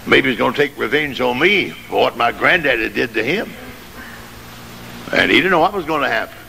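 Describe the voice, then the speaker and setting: Gravelly preacher on an old noisy tape. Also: male voice, mid-range voice, expressive, fairly quick. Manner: dramatic storytelling with shouted climaxes. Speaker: pastor. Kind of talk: sermon.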